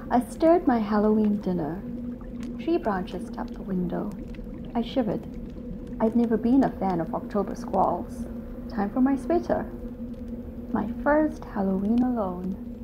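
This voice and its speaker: Woman narrating a story, wry storyteller, muffled lo-fi audio, noisy background. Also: mid-range voice. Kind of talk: first-person story reading. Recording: dull lo-fi with loud noise.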